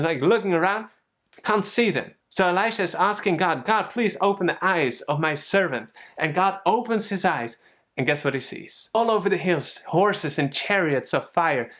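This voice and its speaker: A man giving a conversational sermon, retelling a story in a lively, storytelling way. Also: high voice. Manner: storytelling, animated, conversational preaching. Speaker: pastor.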